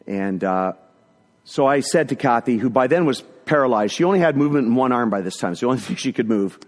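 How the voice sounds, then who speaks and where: A middle-aged man telling a personal story in a sermon, animated, acting out the voices of people in it. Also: medium pitch, quick pace. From northern Ontario, Canada. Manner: animated storyteller who acts out quotes. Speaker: speaker sharing a testimony. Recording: echoey hall.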